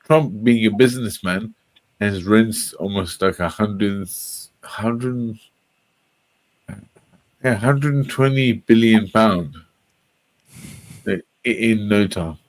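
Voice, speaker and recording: A man's voice: fairly low pitch, takes it slowly, pauses often. A man in casual podcast chat, rambling and repeating his words. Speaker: podcast co-host.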